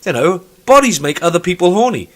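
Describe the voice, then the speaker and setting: A man's voice: high-pitched, sing-song, fairly quick. A man hosting a casual podcast, ranting and swearing freely and mimicking other people in put-on voices. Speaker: podcast host. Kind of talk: casual chat.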